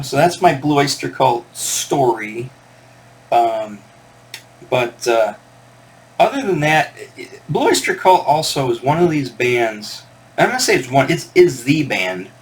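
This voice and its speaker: A man hosting a record collector channel, telling a rambling, digressive story in casual chat to camera. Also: medium pitch.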